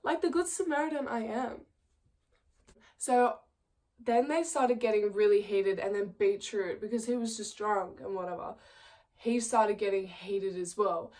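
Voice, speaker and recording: A woman's voice: mid-range voice, steady tone, measured pace, darkish tone. A young woman telling a story in a casual, chatty way, with lots of fillers and frequent laughing. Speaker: vlogger. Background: faint background music.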